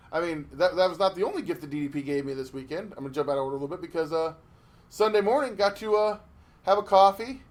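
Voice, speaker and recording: Animated, cursing male podcast host. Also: on the high side. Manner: animated storytelling with profanity and restarts. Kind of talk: casual podcast chat.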